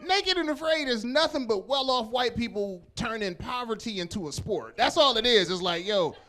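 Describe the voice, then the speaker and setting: Man, stand-up comedian, loud crowd work, lively swooping delivery. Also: very high voice, moderate pace. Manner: loud, animated, profane storytelling with crowd work. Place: comedy club stage.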